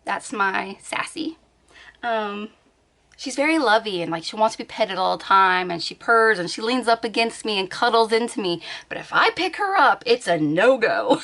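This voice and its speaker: A woman's voice: mid-range voice, expressive, moderate pace, a bit bright. A woman vlogging from her bed at home, chatting casually, thinking aloud and laughing often. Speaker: beauty vlogger. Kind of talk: casual chat.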